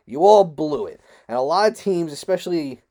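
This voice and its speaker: A man hosting a solo sports talk show, ranting in a frustrated, rambling way, swearing and jumping sharply up in pitch. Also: expressive, moderate pace, warm tone. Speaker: podcast host.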